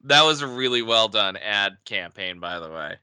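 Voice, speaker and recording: A man's voice: on the low side, lively intonation, normal speed, bright, forceful tone, clean tone, no echo, studio quality. A man chatting casually as a podcast co-host, often laughing and stumbling over repeated words. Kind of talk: casual chat.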